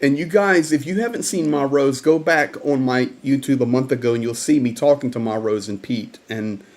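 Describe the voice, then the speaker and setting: A man's voice: medium pitch, normal speed, darkish tone. A man hosting a livestream update who tells events in an earnest, storytelling way. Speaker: host.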